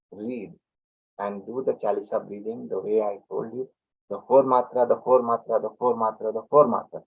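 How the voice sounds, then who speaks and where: A man gives an animated public talk as a lecturer, often repeating and restarting his words. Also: mid-range voice. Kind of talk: public talk on yoga and science. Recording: tinny phone-like audio.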